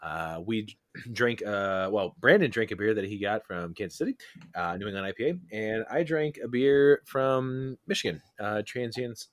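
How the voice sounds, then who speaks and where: A man's voice: fairly low pitch, lively intonation, moderate pace, dry recording. A man hosting a casual podcast chat about beer, laughing often and talking with plenty of fillers and restarts. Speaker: podcast host. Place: Chicago area.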